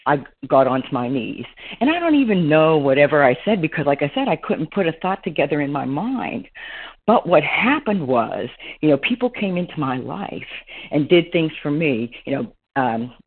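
Husky woman on a phone line. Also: low voice. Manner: rambling, heartfelt, heavy on fillers. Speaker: meeting member sharing. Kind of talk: personal share on a recovery call.

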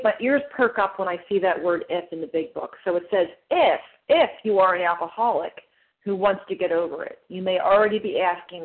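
A woman sharing earnestly and explaining her points at a twelve-step phone meeting. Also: mid-range voice. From South Jersey. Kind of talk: personal share on a phone meeting. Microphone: phone call. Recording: tinny phone line.

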